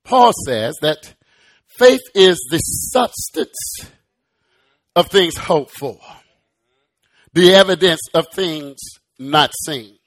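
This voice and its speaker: A male preacher delivering a sermon, building from slow, quiet lines to loud, rising, shouted passages, often repeating words as he restarts. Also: on the high side, expressive.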